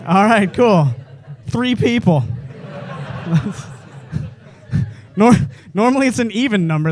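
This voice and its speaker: An American man doing a stand-up comedy set in a club, rambling and animated, swearing freely and chuckling at his own jokes. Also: high voice. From United States.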